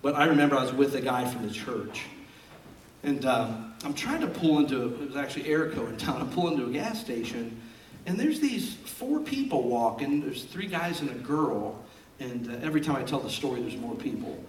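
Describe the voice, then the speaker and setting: A man preaching a sermon as a pastor, an animated storyteller who jokes as he talks, recorded in a church sanctuary. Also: mid-range voice, a little fast, slight background noise. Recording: roomy and distant from the mic.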